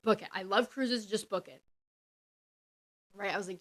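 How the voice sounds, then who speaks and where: A young woman tells a story on her podcast, rambling and chatty and full of "like"s. She speaks at medium pitch and normal speed, a bit bright in tone, pausing often.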